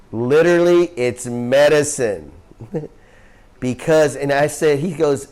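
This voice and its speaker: A man's voice: mid-range voice, normal speed, darkish tone. A man teaching a group about yoga scriptures in an earnest, emphatic way, often asking questions and laughing easily as he tells stories. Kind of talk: spiritual teaching talk to a group.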